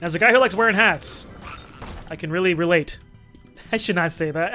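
A young man giving excitable, jokey let's play commentary, swearing freely and breaking into sudden shouts. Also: sits high, moderate pace, long pauses, faint music behind. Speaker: gaming commentator.

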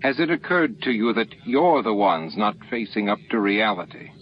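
A man's voice: lowish voice, sing-song, normal speed. A man voicing a firm, level-headed starship captain in his own voice, on a lo-fi recording with faint hiss.

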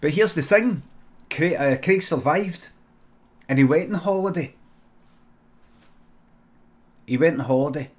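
A man with a Scottish accent improvising a comic story on a stream, deadpan and sweary, breaking into sudden shouts. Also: fairly high pitch, normal speed.

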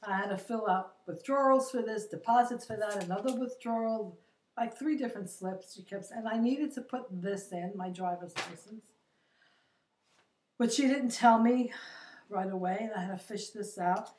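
A woman's voice: mid-range voice, moderate pace, darkish tone, a little hiss or hum. An older woman vlogging a chatty, exasperated story of her day and quoting the people she met. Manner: chatty, exasperated, quotes others in her retelling. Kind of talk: casual storytelling monologue. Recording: roomy echo, distant from the mic.

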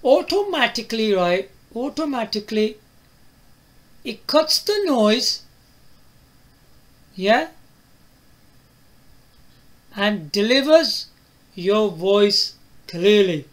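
A man's voice: high-pitched, sing-song, extremely slow, long pauses. A man reviewing a phone to camera, asking the viewer questions and tagging his lines with "right?" and "yeah?". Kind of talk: product demo to camera.

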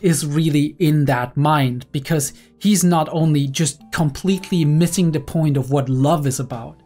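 Young woman, very low voice, anime reaction commentary, analytical, keeps asking "right?", faint music behind. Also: unhurried, dark tone. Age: young adult. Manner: analytical, constantly checks in with "right?". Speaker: anime reactor and psychology student.

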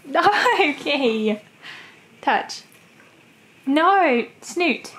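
A woman's voice: high-pitched, animated, very slow, a bit bright. A woman coaxing her dog through tricks, playful and laughing often, repeating short commands. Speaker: dog owner and trainer. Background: dog sounds.

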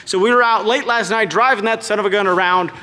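Fast-talking excited man, high and bright. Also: a crowd in the background. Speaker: storage unit reseller vlogger. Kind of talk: casual vlog chat. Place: outdoors at a storage unit in heat.

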